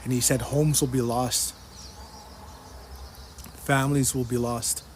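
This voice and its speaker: Slow and flat, a man's mid-range voice recounts a dream in a personal testimony of faith. He's earnest and repetitive, returning repeatedly to what the dream's speaker said. Slight background noise is audible.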